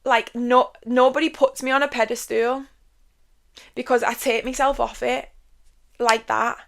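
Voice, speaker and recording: A woman's voice: a little high, steady tone, a little slow, creaky. A woman hosting a podcast, speaking emphatically and from the heart in a blunt, confessional monologue. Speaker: podcast host.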